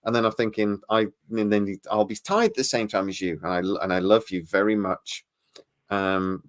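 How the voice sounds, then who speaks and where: A man's voice: lowish voice, normal speed. A tired man co-hosting a podcast, chatting casually and stammering as he rambles. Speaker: podcast co-host. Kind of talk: casual chat.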